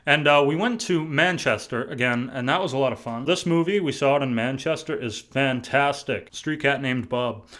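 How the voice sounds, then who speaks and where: A young man from New England chats straight to his camera in a relaxed vlog. His voice sits at an ordinary middle pitch, and he rambles with restarts and casual swearing. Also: normal speed, few pauses. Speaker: vlogger.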